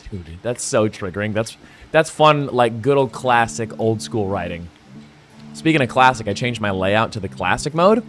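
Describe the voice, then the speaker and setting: A man's voice: lowish voice, expressive, normal speed, a bit bright, faint music behind. A young adult man chatting casually to viewers while playing a game, laid-back and talkative. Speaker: gaming channel host. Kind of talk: casual gameplay commentary.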